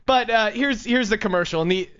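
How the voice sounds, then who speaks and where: A man with a high, sharp voice riffs and mocks as a comedic podcast host, laughing often. His voice has a bright, forceful edge. The recording sounds dull and lo-fi. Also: fairly quick, clean tone. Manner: mocking, riffing, laughs often. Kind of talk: casual comedic commentary.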